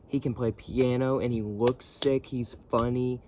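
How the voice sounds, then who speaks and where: A man's voice: medium pitch, fairly even intonation, unhurried, few pauses, warm tone. A young man vlogging from his bunk, rambling in a laid-back, slangy way. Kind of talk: casual rambling chat. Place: bunk bed area indoors.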